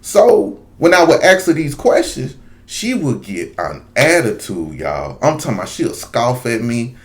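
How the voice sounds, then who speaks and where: A man's voice: medium pitch, very animated, measured pace. A man telling a long casual story straight to his viewers, rambling with many asides. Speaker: video commentator.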